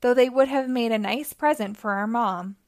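A woman voicing Jenny, an eager, kind young girl mouse with a squeaky voice. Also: normal speed, a little mellow, lightly acted.

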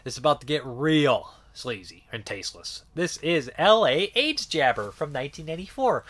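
A man in his thirties talks through a film review with a bright, forceful voice. He rambles loosely and swears often, leaning on lots of filler words. It sounds like an offhand, unscripted monologue. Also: on the high side, sing-song, normal speed. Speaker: movie reviewer.

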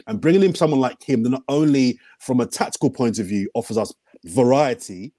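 A man's voice: medium pitch, a little fast, dry recording. A man, talking passionately as a panelist on a football fan podcast. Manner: passionate, emphatic, animated. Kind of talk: casual chat.

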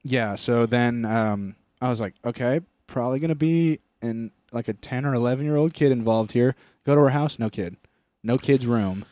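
Young dude cohosting a podcast, swears a lot, rambles thru stories, dry mic. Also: male voice, medium pitch, moderate pace, few pauses, warm tone, no echo. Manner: crude, rambling storytelling with bursts of laughter. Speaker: podcast co-host. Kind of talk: casual chat.

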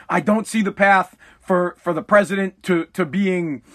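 High-voiced man on a profane, fired-up rant. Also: a little slow, a bit bright. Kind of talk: ranting monologue. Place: at home at night.

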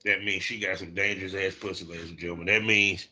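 A man's voice: deep voice, steady tone, fast, bright, forceful tone. A man hosting a podcast in casual chat, boisterous and repeating words for emphasis. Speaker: podcast host.

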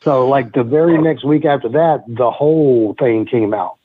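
A middle-aged man, a former pro wrestler, telling rambling, profane stories with quick laughs as a guest in a casual interview. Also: mid-range voice, breathy edge. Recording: tinny phone-like line.

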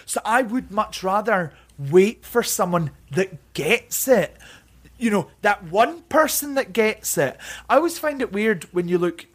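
A young man speaking as a guest in a candid interview, chatty and animated, who often stumbles over repeated words and acts out what other people said in mimicking voices. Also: sits high, measured pace, slightly rough. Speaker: interview guest, drag performer.

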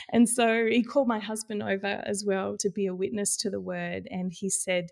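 A middle-aged woman, a podcast guest, telling a candid personal faith story with animated, laughing delivery. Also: medium pitch, normal speed, gravelly. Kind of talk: personal testimony in conversation.

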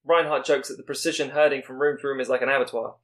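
Fast-reading man narrating a pitch. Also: fairly even intonation, a bit bright. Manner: brisk storytelling read with small slips. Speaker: podcast co-host. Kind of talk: reading a scripted plot pitch.

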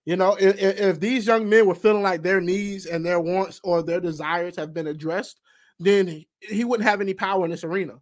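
A man comments on a video during a livestream, animated and chatty as he reacts. He talks casually, as if to his viewers. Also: sits high, a little fast. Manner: animated, laughing often.

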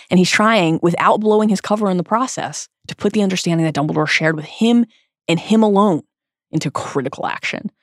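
A woman co-hosting a podcast, reading a scripted essay earnestly and dramatically, with slow, emphatic stresses. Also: on the low side, no echo, studio quality. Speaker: podcast co-host.

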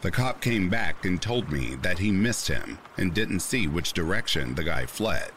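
A man's voice: low voice, expressive, a little slow, a bit bright, slight background noise. A man narrating a true horror story in the first person as scripted narration, reading the account with rising tension. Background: faint rain sounds.

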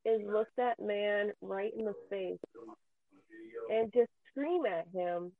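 A woman ranting with anger and deep feeling, swearing often, her voice near tears at times. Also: slow, no echo. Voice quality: profane, heated, voice near tears. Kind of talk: angry emotional rant. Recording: tinny phone-like sound.

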